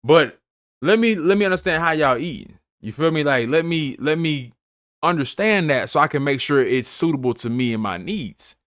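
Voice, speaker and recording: A man's voice: a little high, animated, moderate pace, fairly bright tone, no echo, clean studio sound. A man hosting a finance channel, giving casual, emphatic advice to camera in a slangy way, often checking in with "you feel me". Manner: slangy, repeats phrases, asks "you feel me"; emphatic, preachy.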